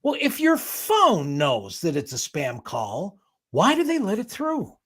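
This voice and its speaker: A man's voice: high-pitched, wildly swooping pitch, measured pace, fairly bright tone. A man in casual talk-show banter, cracking jokes and offering sympathy. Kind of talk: casual radio-style chat.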